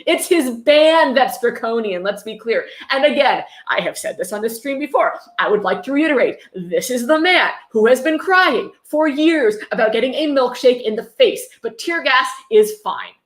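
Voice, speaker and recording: A woman's voice: on the high side, animated, moderate pace, hardly any pauses. A woman on a livestream reading a book aloud and breaking in with sarcastic, mocking commentary. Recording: roomy echo.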